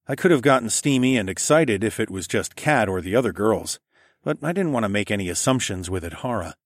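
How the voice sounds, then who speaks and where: A man narrating a first-person audiobook in an even, storytelling manner. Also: on the low side, brisk, no room sound. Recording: dry close studio recording.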